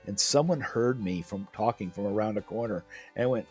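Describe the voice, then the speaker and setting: Male voice actor, lowish husky voice, slow and hesitant, pitch swinging widely. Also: sing-song, a bit bright, no echo, faint music behind. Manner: slow, hesitant, with many uh pauses. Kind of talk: casual storytelling.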